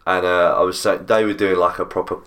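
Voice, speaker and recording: A man's voice: deep voice, level tone, a little fast, a bit bright. A man with an English accent in casual podcast chat, often ending his points with tag questions. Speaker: podcast co-host.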